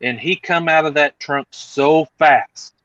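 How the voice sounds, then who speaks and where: A man's voice: a little high, slow pace, dry recording, dull audio. A man telling a story in casual chat over a video call, acting out the other people in it. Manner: animated, acts out other people's lines.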